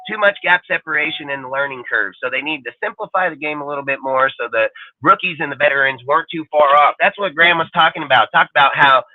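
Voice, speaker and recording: A man's voice: on the high side, quick pace, no echo. A man ranting about football in a fired-up, profane, repetitive way, as co-host of a live sports show. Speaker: podcast co-host. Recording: dry, tinny phone-like audio.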